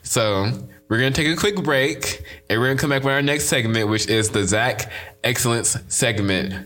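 A man's voice: medium pitch, normal speed, pushed and bright, soft background music. A young man hosts his own podcast, rambling through a casual solo monologue. His mid-range voice carries a playful, preachy, jokey energy, like a motivational rant that never takes itself too seriously. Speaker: podcast host.

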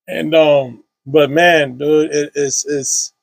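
A man in his thirties speaks in a slightly husky, fairly high voice, recorded close and dry. He tells his story haltingly and casually, restarting phrases, dropping fillers and cursing freely as a podcast guest. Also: fairly even intonation, no room sound, low-quality recording. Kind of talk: emotional personal storytelling.

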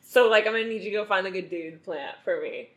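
A woman's voice: mid-range voice, fast talker, a bit bright. A woman recapping a movie's plot in casual comedic chat, laughing often and acting out the characters' lines. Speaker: podcast co-host.

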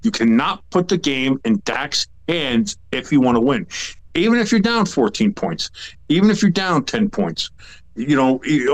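A man co-hosting a sports podcast, talking in an animated, rambling, jokey way. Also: medium pitch, moderate pace. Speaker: podcast co-host. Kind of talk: casual sports chat.

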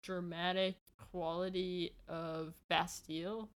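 A young woman co-hosts a podcast in relaxed, casual chat. She talks in an easygoing way and drops dry remarks. Her voice is on the lower side. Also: takes it slowly, smooth. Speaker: podcast co-host.

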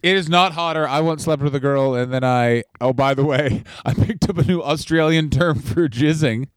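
Brief: podcast co-host in his thirties, brash and crude, fairly high voice, dry close mic. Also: smooth, no room sound. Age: 30s. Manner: brash, crude, quick riffing. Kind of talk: casual comedy chat. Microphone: remote call mic.

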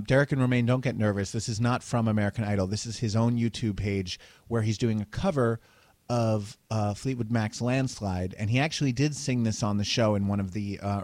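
A man's voice: on the low side, a little mellow, dry recording. A man hosting a podcast in casual chat, outspoken and profane, mocking what he dislikes. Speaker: podcast host.

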